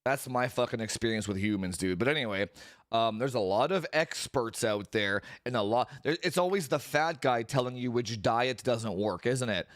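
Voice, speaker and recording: A man's voice: medium pitch, normal speed, a bit bright, no echo, clean studio sound. A young man streaming, chatting casually and ranting with lots of swearing and exasperation.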